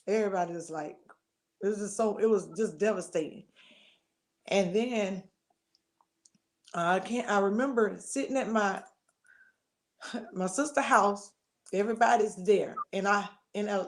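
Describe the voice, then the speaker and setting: A middle-aged woman, telling a personal testimony as an interview guest, expressive and acting out the voices she quotes. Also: medium pitch, measured pace, long pauses. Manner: expressive storytelling, acts out quoted voices, churchy endearments.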